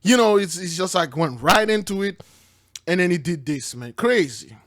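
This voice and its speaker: A man giving casual commentary on a news clip, laughing often, saying "man" a lot, and dropping to quiet low asides. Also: expressive, moderate pace. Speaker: online preacher reacting to news.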